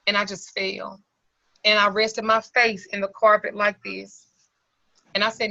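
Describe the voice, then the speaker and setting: A woman's voice: medium pitch, little pitch movement, unhurried, gravelly, pauses often, bright, forceful tone, no echo. A middle-aged woman, close to tears, teaching an occult class over a video call and giving a candid, colloquial personal testimony. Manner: candid, colloquial, earnest storytelling. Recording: slightly lo-fi video call audio.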